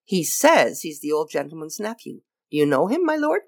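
A woman voicing a brisk, matter-of-fact male police detective. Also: low voice, big pitch swings, full character voice.

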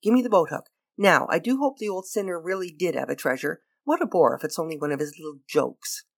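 A woman doing a jaunty upper-class gentleman sleuth. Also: fairly low pitch, lively intonation, brisk, creaky. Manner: breezy, clipped, cheerfully teasing.

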